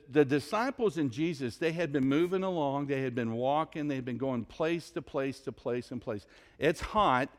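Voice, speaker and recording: A pastor preaching a sermon, telling a story in an animated, conversational way. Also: male voice, medium pitch.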